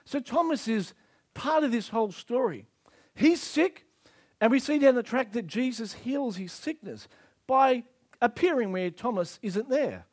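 A man's voice: extremely high pitch, expressive, measured pace. A male preacher giving an emphatic sermon and acting out scripture scenes.

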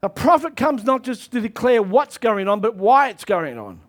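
A man preaching a sermon to his church, reading scripture and pushing into shouted calls to action. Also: very high voice, very animated, moderate pace. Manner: impassioned preaching that swells into shouted exhortations.

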